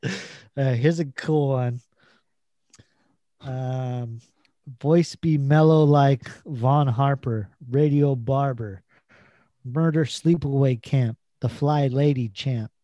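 A man's voice: mid-range voice, slow, pauses often, warm tone, no room sound, highs cut off. A man co-hosting a casual podcast, reading out quotes and laughing often. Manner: reads lyric quotes aloud, laughs often. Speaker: podcast co-host running a quiz game. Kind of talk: casual chat.

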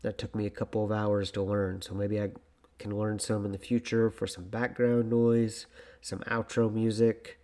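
A young man hosts his own podcast alone, rambling in a self-deprecating solo monologue. His voice is on the low side and warm, with a flat delivery at normal speed.

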